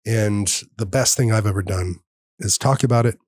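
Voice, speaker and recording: A man's voice: on the low side, normal speed, a little mellow, no room sound, studio quality. A man in his thirties, a podcast host, telling a personal story in an earnest, heartfelt way and acting out the dialogue. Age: 30s. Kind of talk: personal storytelling in casual conversation.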